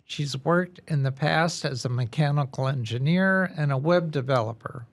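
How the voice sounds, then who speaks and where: A man hosting a spiritual podcast, introducing his guest in a measured, conversational way while losing his voice. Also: fairly high pitch, gravelly. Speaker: podcast host.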